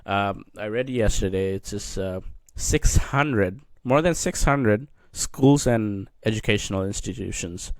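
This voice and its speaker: A man co-hosting a casual political discussion podcast, halting and searching for words as he talks. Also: on the low side, dry recording, studio quality. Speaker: podcast co-host.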